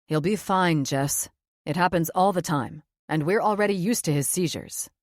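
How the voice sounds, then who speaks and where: An offhand, dismissive husband from an audiobook, as a woman narrator puts him on. He speaks a little lower than her own voice, recorded close and dry with no room sound. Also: moderate pace, a little mellow, no echo, lightly acted. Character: dismissive husband, adult man.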